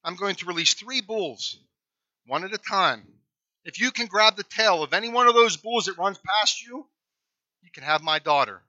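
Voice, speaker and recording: A preacher voicing a shrewd old farmer. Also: male voice, high-pitched, lively intonation, moderate pace, sharp tone, no echo, muffled recording, voice pushed up, heavily acted. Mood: sly.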